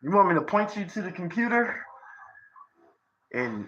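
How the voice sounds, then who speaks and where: Thirties male streamer, unhurried drawl, rambling profane rants with rhetorical jabs at the audience. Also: sits high, sing-song, a bit bright, highs cut off. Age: 30s. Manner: profane, lecturing, conspiratorial, asks rhetorical questions. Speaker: livestreamer. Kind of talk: rambling livestream monologue.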